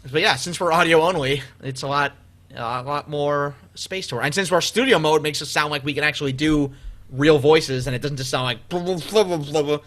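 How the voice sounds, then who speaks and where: A male podcast host who rambles through stories with animated energy and plenty of fillers. His voice is bright and sits a little high for a man. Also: fairly quick. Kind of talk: casual comedy podcast chat.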